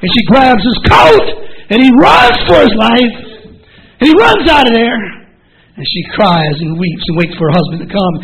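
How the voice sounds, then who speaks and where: Role note: fervent male preacher with a very high, gravelly voice, repeating his lines. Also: big pitch swings, normal speed, poor audio. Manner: fervent, repetitive, builds to shouting. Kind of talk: sermon.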